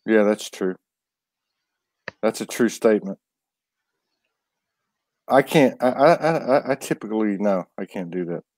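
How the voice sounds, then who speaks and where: A man hosting a live online show, loose and a bit halting, greeting viewers by name before bringing on his guest. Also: lowish voice, lively intonation, a little mellow, dry recording. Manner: loose, stumbling, reads out names. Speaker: host.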